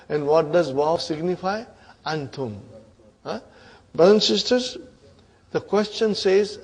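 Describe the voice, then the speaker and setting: A man teaching an Arabic grammar class, quizzing students with repeated questions and clearing his throat often. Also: fairly high pitch, dark tone, rough recording.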